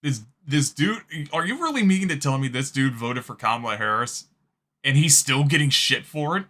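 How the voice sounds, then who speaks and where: A man's voice: mid-range voice, animated, normal speed, sharp tone. A man hosting a reaction video, talking casually, swearing and laughing often. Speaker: host. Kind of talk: reaction commentary.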